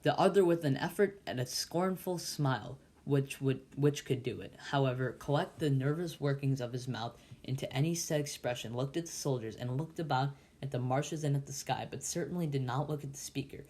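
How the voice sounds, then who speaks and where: A man reads a classic novel aloud as a volunteer narrator, at a plain middle pitch. He trips over words often and restarts them before moving on. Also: fairly quick, few pauses, a little mellow. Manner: frequent stumbles and restarts. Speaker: volunteer reader.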